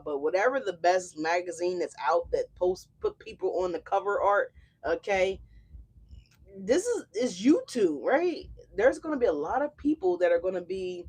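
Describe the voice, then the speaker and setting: A tarot channel host gives a live reading in a loose, chatty voice of middling pitch. The delivery is gushing and exclamatory, full of slang and casual swearing, spoken straight to the audience. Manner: effusive, slangy and profane, exclamatory.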